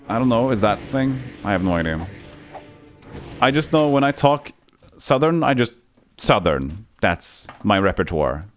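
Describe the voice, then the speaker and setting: A man's voice: fairly low pitch, big pitch swings, measured pace, faint music behind. A man with a Norwegian accent chatting casually and joking while he streams a game live and reads chat aloud. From Norway.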